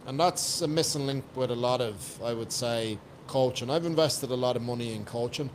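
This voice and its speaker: With a little hiss or hum on the recording, this Irish guest coach chats casually on a podcast at normal speed in a medium-pitched voice. His manner is blunt and emphatic, and he swears freely.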